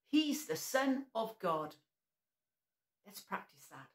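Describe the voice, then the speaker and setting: A woman's voice: mid-range voice, very animated, takes it slowly. A woman leading a preschool church session, telling a story to young children and leading them in call-and-response. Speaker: preschool worship leader.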